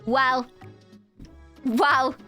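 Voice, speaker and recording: A woman's voice: high voice, fairly even intonation, drawn-out words, pushed and bright, faint music behind. A young woman with a Romanian accent, chatting casually and teasingly with her viewers as a live streamer. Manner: playful, teasing, rambling. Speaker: VTuber streamer.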